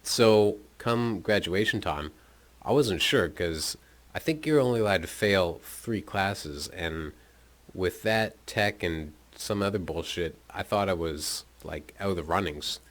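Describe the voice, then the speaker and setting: Low-pitched and a little slow, a young man hosting a podcast narrates his life story. His account of school days is casual, rambling, and profane, often broken by laughter.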